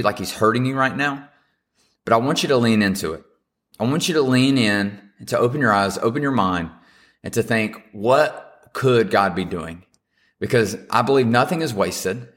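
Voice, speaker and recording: A young man with a somewhat low voice preaching in a relaxed, conversational way. He talks earnestly and encouragingly, with plain fillers and restarts, and moves into a heartfelt prayer. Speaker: pastor. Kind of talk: casual sermon with closing prayer.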